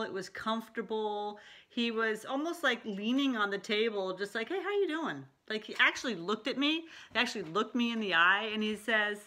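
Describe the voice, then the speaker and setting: A middle-aged woman life coach talking casually to camera in a chatty, animated way, often laughing. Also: medium pitch. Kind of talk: casual talking-head vlog.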